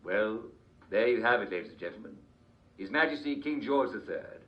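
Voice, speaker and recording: An actor playing a jovial TV show host, using a genial, theatrical announcer delivery. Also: male voice, lowish voice, animated, normal speed, close to an everyday voice. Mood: salesy. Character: smooth, jovial British TV host man. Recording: roomy, distant, dull game broadcast.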